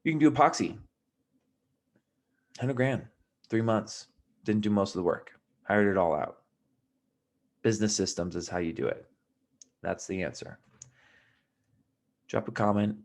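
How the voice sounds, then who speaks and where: Low-voiced man rambling through a story. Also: lively intonation, a little slow, long pauses. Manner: rambling, restarts often, drops into a quiet mutter. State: tired. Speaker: vlogger. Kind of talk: casual storytelling to camera.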